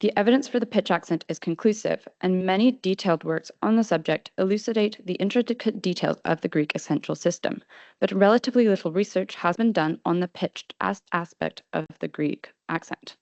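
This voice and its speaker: A woman presenting a paper at an academic conference, reading formal prose in a measured way. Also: fairly low pitch, darkish tone, no echo. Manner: formal, measured delivery with brief slide-control asides. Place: conference hall. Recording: dull, slightly lo-fi sound.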